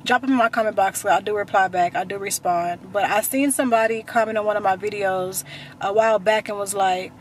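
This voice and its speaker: A woman's voice: medium pitch, steady tone, a little fast, slight background noise. A young woman vlogging casually, chatty and repetitive, talking straight to her viewers. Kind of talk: casual chat to camera.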